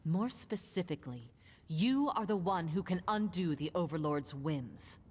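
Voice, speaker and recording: A woman voicing a stern, scholarly female mage in a video game, speaking in a dry, measured, slightly sardonic way. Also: on the low side, lively intonation, in a large hall. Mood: earnest.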